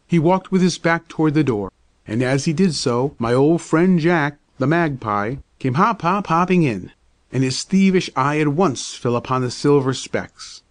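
A man narrating a storybook tale in a measured, even reading voice. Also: mid-range voice, dry recording.

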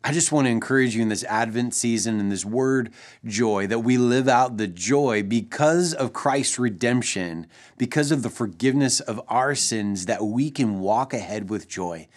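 A man in his thirties, a pastor, telling a family story in an earnest, gentle way for a short devotional. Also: medium pitch, moderate pace.

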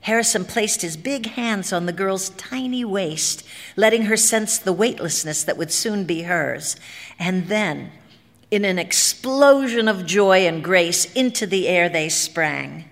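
A woman's voice: mid-range voice, expressive, measured pace. A woman reads a story aloud in a dramatic, vivid way. Her voice sits in a middle range. A long hall reverb trails behind every phrase. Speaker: narrator. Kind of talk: expressive story reading.

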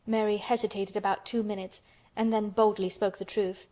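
A woman narrating a classic children's novel as an audiobook, in a gentle, even storytelling manner. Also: medium pitch, normal speed.

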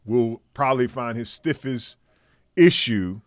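A man hosting a talk radio show who speaks slowly in a smooth, clear voice. He stops and restarts while he searches for words, and the sound is dry and close. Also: mid-range voice, no echo. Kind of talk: casual sports talk radio.

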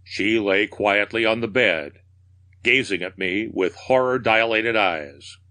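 A man reading a horror tale aloud with measured, darkly theatrical narration. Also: fairly low pitch, pushed and bright. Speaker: storyteller.

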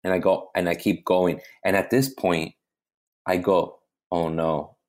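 A male comedian telling a story in a casual chat, animated and full of swearing, often restarting his sentences. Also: sits low, measured pace. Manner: animated, profane, keeps restarting. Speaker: comedian guest.

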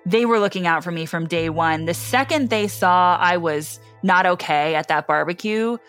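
Woman, lowish voice, earnest, emotional personal account, soft music behind. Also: normal speed. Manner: earnest, close to tears at times. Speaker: interviewee telling her story.

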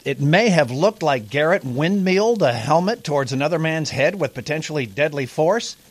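A man's voice: a little high, lively intonation, moderate pace, no echo. Wry male radio host. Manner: wry, mock-serious newsreading. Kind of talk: comic sports report.

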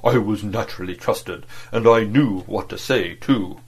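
A heavyset middle-aged agent speaks in a booming, clear bass like a street orator, as a man reading a novel puts him on. His manner is proud and resentful, growling his replies in an audiobook reading. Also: measured pace. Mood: gruff.

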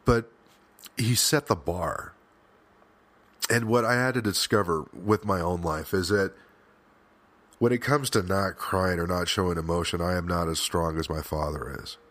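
A man with a very low voice talks through a personal podcast monologue. He speaks earnestly and with plain emotion, often stopping and starting again mid-thought. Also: normal speed, fairly bright tone, dry recording. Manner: frequent restarts and fillers, swears at times. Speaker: podcast host.

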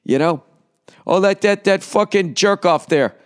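A man's voice: high voice, a little slow, clear, resonant tone. A man hosting a comedy podcast, rambling through profane asides with mock outrage in a casual rant.

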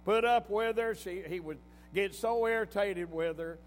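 A man's voice: high-pitched, moderate pace. A man preaching a sermon in a folksy storytelling manner, breaking into emphatic bursts. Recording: long hall reverb with faint music.

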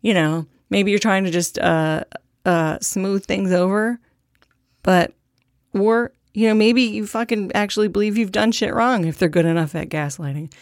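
A woman's voice: mid-range voice, normal speed, dry recording, studio quality. A young woman hosting a podcast in a casual monologue, candid and profane, with a self-deprecating streak. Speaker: podcast host.

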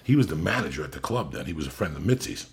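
Deep raspy guy telling a story on a podcast, swears a lot, real blunt. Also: very animated, very fast. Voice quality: gravelly, raspy. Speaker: podcast host. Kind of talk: casual storytelling chat.

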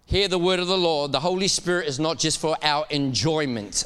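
A man preaching a sermon in a church, animated and laughing as he urges the congregation to call back to him. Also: fairly high pitch, fairly quick, hardly any pauses, smooth, big-room sound. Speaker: pastor.

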